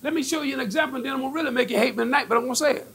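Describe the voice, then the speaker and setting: A pastor with a very high, gravelly voice delivers a fiery sermon at a rapid-fire pace. He is emphatic and repetitive, building to shouts as the congregation answers him.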